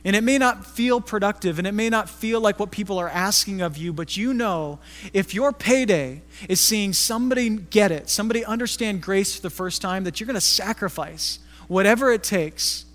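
A man's voice: high voice, normal speed, a bit bright. A middle-aged man preaching a sermon as a pastor, telling stories in a conversational way. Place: church hall. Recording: long reverb of a church hall.

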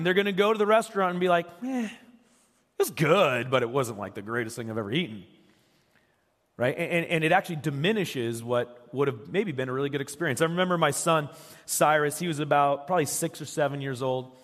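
A man's voice: fairly high pitch, long reverb tail. A man preaching a sermon as a pastor, telling stories in a conversational way and asking rhetorical questions. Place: church.

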